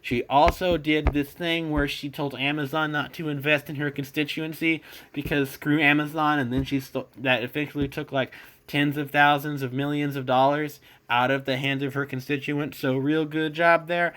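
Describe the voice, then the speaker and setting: A man's voice: fairly high pitch, level tone, normal speed, a bit bright. A man hosting his own podcast, giving a casual, rambling, opinionated monologue with a sarcastic edge and plenty of fillers. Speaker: podcast host.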